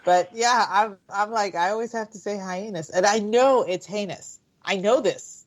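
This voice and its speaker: A woman's voice: mid-range voice, normal speed. A woman co-hosting a radio talk show, chatting casually and laughing often. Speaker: podcast co-host. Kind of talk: casual chat.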